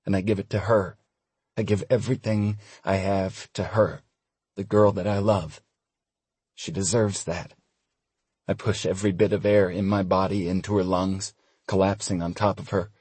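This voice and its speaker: Deep flat guy reading an audiobook, husky and dry. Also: no echo. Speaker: audiobook narrator. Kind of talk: first-person audiobook narration.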